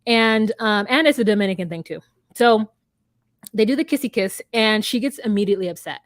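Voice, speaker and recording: A woman co-hosts a casual podcast chat, retelling reality-show scenes and playing both people in quick voices. Her medium-pitched voice comes through in clean studio sound with no room echo.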